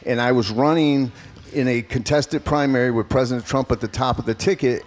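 A man in his fifties, a political candidate being interviewed, telling his story in an earnest, emphatic way. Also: medium pitch. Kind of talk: radio interview answers.

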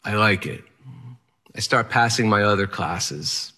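Man telling his own story, kinda low voice but bright and punchy, earnest with a dry edge. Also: measured pace. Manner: earnest, plainspoken, wry. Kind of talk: first-person storytelling talk.

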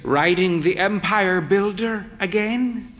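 A man's voice: high-pitched, takes it slowly, fairly bright tone, voice pushed up. A man voicing a theatrical, long-suffering elderly woman with an arch, drawling manner.

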